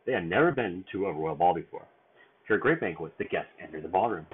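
A man's voice: low voice, animated, fast talker, slightly rough. A man reading a storybook aloud at bedtime in a sing-song read-aloud manner, with small stumbles, over a tinny phone-like line.

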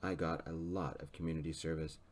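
A man with a low voice reads a story aloud in a soft-spoken, gentle way. His delivery is calm and even, meant for quiet listening. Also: fairly quick. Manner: gentle, even reading pace.

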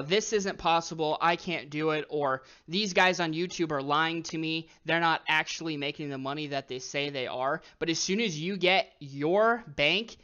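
A young man gives a motivational talk in a casual, chatty way, sprinkling in "dude" and "okay." His voice is bright and forceful, sitting a little high for a man. The recording sounds slightly dull and lo-fi. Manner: casual, says "dude" and "okay" a lot, grows excited. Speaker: online business coach.

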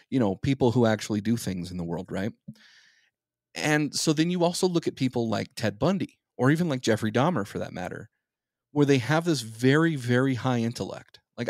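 A man's voice: fairly low pitch, no room sound, clean studio sound. A man co-hosting a podcast, giving thoughtful, opinionated explanations in casual chat. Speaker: podcast co-host.

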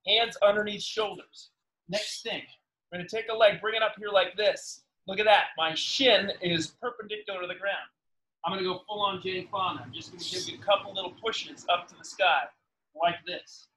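A man's voice: high-pitched, sharp tone. A man coaching a live workout class, giving upbeat, encouraging cues and counting down reps while exercising along. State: slightly out of breath while exercising. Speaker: fitness instructor.

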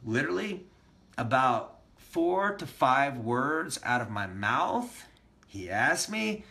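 Man, bright and punchy, motivational coach streaming live to his viewers. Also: mid-range voice, slow pace, vocal fry. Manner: energetic and motivational, addresses viewers directly. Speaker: self-help coach. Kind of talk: live-streamed training talk.

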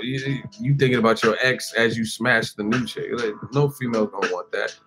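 A man's voice: medium pitch, fairly quick, few pauses, fairly bright tone, faint music behind. A man in his forties, host of a boxing channel, ranting casually to camera with jokes and laughter. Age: 40s. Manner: joking, acts out quoted voices, laughs often.

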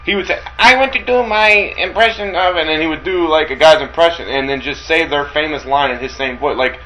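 A man's voice: on the high side, brisk, pushed and bright, slight background noise, low-quality recording. A man co-hosting a wrestling radio podcast, chatting casually, swearing often and acting out stories with lots of energy. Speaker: podcast co-host. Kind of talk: casual chat.

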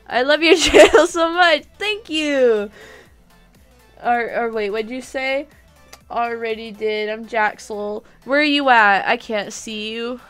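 A woman's voice: on the high side, animated, takes it slowly, fairly bright tone, clear, resonant tone, soft background music. A young woman chatting casually on a gaming live stream, giggling often and reading out viewer comments. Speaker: gaming livestreamer.

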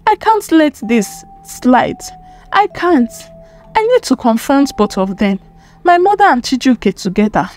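A woman's voice: high voice, sing-song, unhurried, a little mellow, soft background music. A woman voicing a betrayed young wife, emotional as she pleads and accuses. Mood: distraught.

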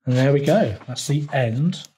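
Lively man reading a picture book aloud. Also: medium pitch, measured pace, slight background noise. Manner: lively, asks the children questions. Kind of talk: children's storytime read-aloud.

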